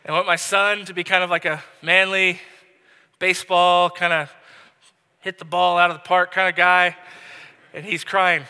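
Bright-voiced pastor in a reverberant hall. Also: male voice, sits high, level tone, normal speed, pauses often, clean tone. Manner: conversational storytelling with frequent restarts. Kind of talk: sermon.

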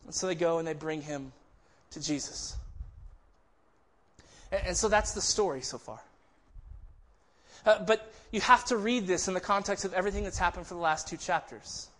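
A man's voice: sits high, moderate pace, long pauses, fairly bright tone. A man preaching a sermon in a conversational way, often restarting phrases and acting out quoted voices. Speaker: pastor.

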